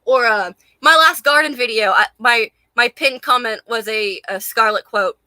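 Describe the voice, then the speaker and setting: A woman's voice: on the high side, normal speed, few pauses, bright, forceful tone, dry recording. A young woman from Charleston with a light Southern accent, ranting casually to camera with lots of laughter and swearing, hot and a little out of breath. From Charleston, South Carolina. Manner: profane, laughing often, rambling and emphatic. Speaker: vlogger.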